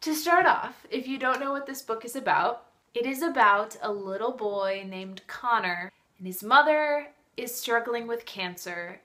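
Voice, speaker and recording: A woman chatting in a casual video review, her voice at an ordinary middle pitch. She gushes about her favorite book and talks with open emotion. Her delivery is loose and chatty. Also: bright, forceful tone.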